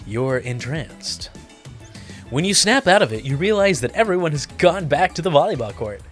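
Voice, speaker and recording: A man's voice: a little high, big pitch swings, normal speed, a bit bright, faint music behind. A man playing a dating sim as a gaming creator, reading the text aloud with playful, theatrical commentary. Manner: playful, theatrical, laughs often. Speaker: gaming YouTuber.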